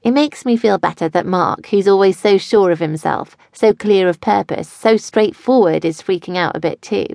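A woman's voice: medium pitch, normal speed, gravelly, few pauses, a little mellow, no echo, clean studio sound. A woman narrating a first-person audiobook in a wry, chatty way. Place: studio.

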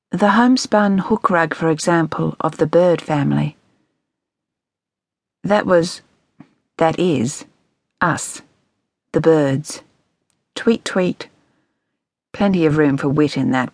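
Low-pitched woman, wry and measured audiobook narration, dry close studio sound. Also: no echo.

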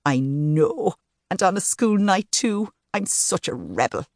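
A woman's voice: fairly low pitch, big pitch swings, takes it slowly, darkish tone, no room sound, studio quality, voice pushed up. A woman voicing a vivacious, cheeky young female teacher who talks in a bubbly, playful way. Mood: chatty.

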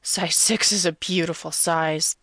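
A woman voicing a creepy male prank caller who pleads in a slow, hushed, leering way. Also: sits low, fairly even intonation, no echo.

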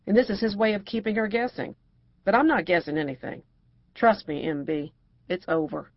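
A woman's voice: medium pitch, fairly even intonation, normal speed, no room sound, lo-fi sound, natural voice. A woman narrator voicing a brassy, outspoken middle-aged divorcée who talks bluntly and crudely.

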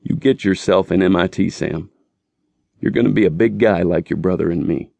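Guy reading as a low, grim marine dad, quiet drawl, super dry sound. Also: normal speed, vocal fry, no room sound. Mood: solemn. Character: grim, tender Marine father, low-spoken.

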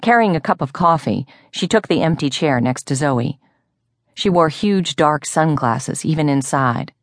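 A woman narrating a romance audiobook with expressive storytelling. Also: low voice, unhurried, no echo, studio quality.

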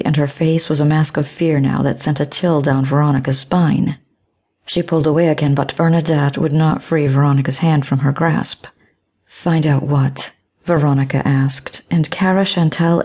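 Low, husky woman audiobook narrator. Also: warm tone.

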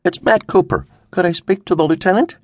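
A man's voice: high voice, brisk, no room sound, voice pushed up. A man voicing a worried middle-aged father who sounds urgent and exasperated. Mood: friendly.

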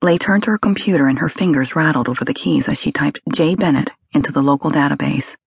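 A woman narrates a detective novel with steady, measured delivery. Her voice is husky with a gravelly grain. She is recorded on a close mic in a dry room. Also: low voice, dry recording. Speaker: audiobook narrator. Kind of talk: scripted narration.

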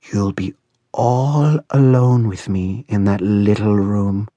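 A man's voice: fairly low pitch, lively intonation, measured pace, breathy edge, dry recording, highs cut off. A man voicing a harsh, bitter female servant who mutters and hisses threats. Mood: menacing.

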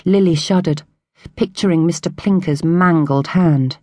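A woman narrating a children's audiobook in a clear, measured storytelling manner. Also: lowish voice, a little mellow, no echo, clean studio sound. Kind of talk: scripted narration.

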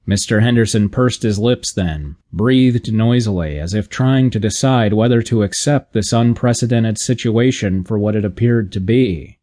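Measured male audiobook narrator. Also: on the low side, a little mellow.

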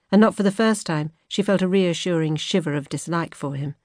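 Woman narrator, lowish voice, measured expressive reading, dry booth sound. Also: no room sound. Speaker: audiobook narrator. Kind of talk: scripted narration. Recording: dry studio recording.

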